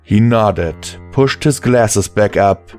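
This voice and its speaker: A man reading a first-person audiobook with a low, emotional voice. His pace is slow and deliberate. Faint music plays under the narration. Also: darkish tone.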